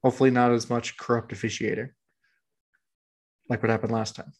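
A man's voice: medium pitch, little pitch movement, a little fast, darkish tone. A laid-back man co-hosting a podcast in casual, rambling sports chat. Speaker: podcast co-host.

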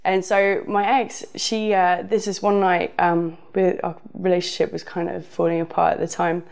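A woman's voice: fairly low pitch, flat delivery, moderate pace, gravelly, a little mellow. A woman with a southern English accent telling a casual personal story, rambling with frequent fillers. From southern England.

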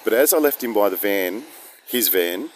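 Recorded on a phone outdoors in misty rain, an Australian vlogger tells a rambling story full of digressions and self-deprecating humor. His fairly low voice is animated and moderately paced, with a bit of background noise.

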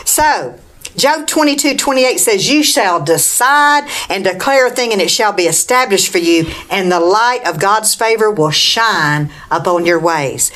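A woman's voice: medium pitch, animated, a little slow, a bit bright. A woman preaching a Bible lesson, reading scripture aloud and calling "Amen?" to her listeners. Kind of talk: bible teaching talk.

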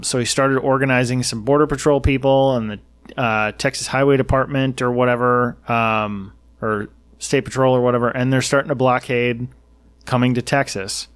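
A man's voice: medium pitch, steady tone, normal speed, smooth. A man hosting a casual political chat, rambling and sarcastic, who often acts out what others said.

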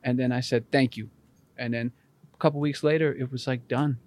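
A man's voice: mid-range voice, a little fast. A man guest on a podcast, telling a personal story in conversation and acting out the voices in it. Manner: animated, acts out voices in his story.

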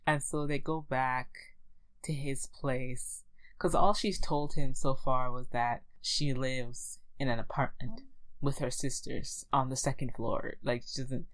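A woman's voice: very deep voice, fairly even intonation, unhurried, rough recording. A woman in casual podcast chat, recapping a movie plot with wry, laughing asides. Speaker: podcast co-host.

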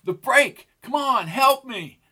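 A man's voice: very high voice, animated, takes it slowly, sharp tone, slightly rough, pitched above the performer's own voice, heavily acted. A man voicing a desperate outlaw woman. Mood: urgent. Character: hardened outlaw woman, sharp-tongued, desperate.

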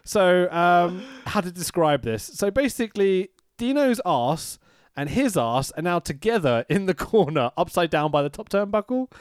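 A man in his thirties co-hosting a podcast, animated and laughing a lot as he swears his way through a story. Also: high-pitched, normal speed, hardly any pauses, clear, resonant tone, no room sound. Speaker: podcast co-host. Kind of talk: casual wrestling podcast chat. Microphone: podcast mic.

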